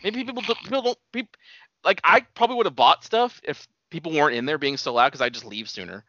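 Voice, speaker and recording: Young dude venting, swears a lot, lively pitch, bright tone, muffled dry recording. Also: male voice, fast talker, no room sound. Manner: profane, ranting with fillers. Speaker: podcast co-host. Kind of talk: casual chat. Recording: dull, dry lo-fi sound.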